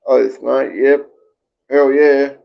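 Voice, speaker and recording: This is an Australian man talking casually on a livestream, chatting with viewers and reading their comments. His voice is gravelly and sits in a middle pitch. He rambles, repeats himself and swears freely, and the stream audio sounds dull and lo-fi. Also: steady tone, takes it slowly. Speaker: livestream host.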